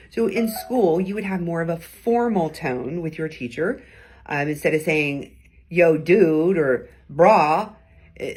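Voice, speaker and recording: A woman's voice: low-pitched, breathy edge. A middle-aged woman hosting a weekly advice talk, speaking conversationally and acting out short examples of different tones. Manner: conversational, acts out tones in short quoted bits. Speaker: host giving weekly advice. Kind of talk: casual teaching talk to camera.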